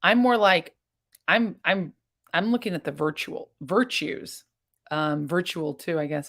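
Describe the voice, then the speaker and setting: A woman's voice: sits low, moderate pace, gravelly, a bit bright. A woman hosting a casual livestream, chatting to viewers and reading their comments aloud. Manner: chatty, restarts, reads chat aloud. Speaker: livestream host.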